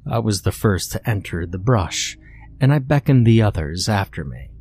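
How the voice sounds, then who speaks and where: Husky low-voiced man, deadpan narration. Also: normal speed. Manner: deadpan, mock-serious. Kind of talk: scripted horror story narration.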